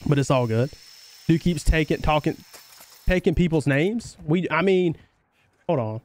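Southern guy w a twang streaming a shooter live, talks to chat a lot, pitch jumps all over. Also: a little slow. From North Carolina, US. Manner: excitable, chatty, reacts loudly to the game. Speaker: livestream gamer. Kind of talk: live gameplay streaming, chatting with viewers.

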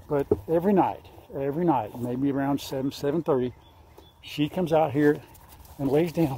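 A fairly high, warm voice at a moderate pace belongs to an older man casually chatting through his outdoor farm vlog. He rambles, fondly coaxes his animals, and is accompanied by faint insects, crickets and a little hiss or hum.

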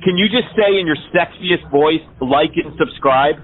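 A man's voice: a little high, moderate pace. A man making an absurd prank phone call, rambling through exaggerated complaints. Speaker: scambaiter prank caller. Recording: tinny phone line.

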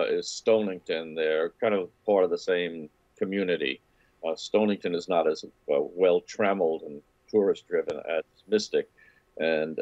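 Over a video call with dull audio, a travel and food writer from the New York area talks casually in an interview. His voice is deep and darkish, and he rambles enthusiastically, often restarting.

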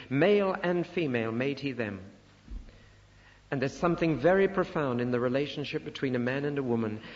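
An older man giving a Bible teaching sermon, emphatic and rising sharply on rhetorical questions. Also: medium pitch. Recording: muffled recording in a reverberant hall.

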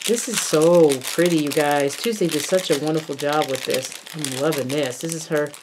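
A woman narrating a casual unboxing, gushing and exclaiming over each item and often dropping into soft murmurs. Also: sits low, moderate pace, background noise. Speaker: craft vlogger unboxing a haul.

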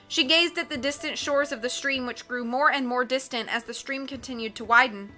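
A woman reading a novel aloud as an audiobook narrator, expressive and lifting her voice for dialogue. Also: sits high. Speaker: audiobook reader.

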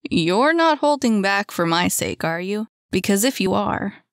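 A woman voicing a clumsy, gentle young man who speaks firmly with a gentle tease. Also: normal speed, no echo, studio quality, lightly acted. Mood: wry. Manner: lowered, firm, gently teasing.

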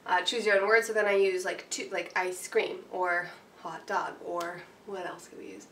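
A woman piano teacher talking through a worksheet in a casual, chatty way, full of fillers and quick checks with her listeners. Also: lowish voice, steady tone, fairly bright tone, a little hiss or hum. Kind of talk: casual instructional walkthrough. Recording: roomy, distant mic with faint ambience.

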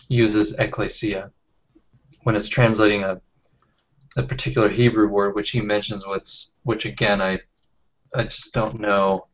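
A man leading a casual online book discussion, talking haltingly with many fillers and restarts. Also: fairly low pitch. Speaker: discussion leader. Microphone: webcam or computer mic on a video call. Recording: lo-fi video call audio.

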